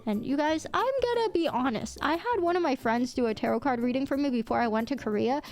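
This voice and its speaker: A young woman streamer telling stories in casual chat, animated, laughing often and swearing casually. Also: high-pitched, fast talker, faint music behind.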